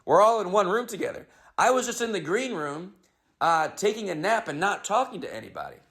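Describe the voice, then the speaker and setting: A man's voice: sits high, sing-song, brisk, fairly bright tone. A man hosting his own podcast, telling a comedic story in a rambling, wry, self-interrupting way.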